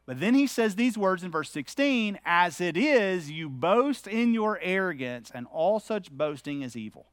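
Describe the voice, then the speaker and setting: Middle-aged man, pastor giving a sermon, conversational and candid, high voice, dry close sound. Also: very animated, unhurried, hardly any pauses, a bit bright, clear, resonant tone, no echo. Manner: conversational, candid, anecdotal preaching.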